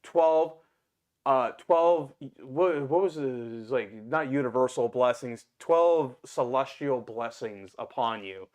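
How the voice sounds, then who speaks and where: A man voicing a dreamy, spaced-out young drifter who talks in a slow, rambling way. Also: mid-range voice, darkish tone, natural voice. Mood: grateful.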